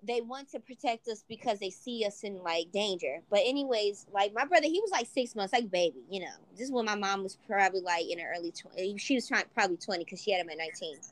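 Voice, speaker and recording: A woman co-hosting a casual podcast chat, animated and acting out quoted voices. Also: medium pitch, fast, hardly any pauses. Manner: animated, swears, acts out quotes. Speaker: podcast co-host.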